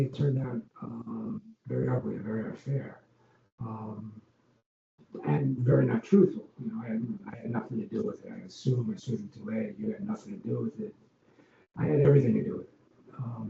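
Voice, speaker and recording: A man's voice: fairly low pitch, steady tone, fairly quick, creaky. An older man from Long Island, a former arena executive, telling rambling stories as an interview guest, full of ums and restarts. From Long Island, New York. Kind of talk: casual interview storytelling. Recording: dull, roomy podcast audio with faint noise.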